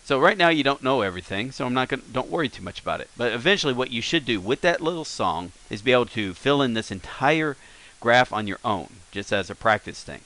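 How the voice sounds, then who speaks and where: Bright-voiced man teaching alphabet. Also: mid-range voice, quick pace. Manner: relaxed, thinking aloud with fillers and self-corrections. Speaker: language teacher. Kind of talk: screen-recorded lesson.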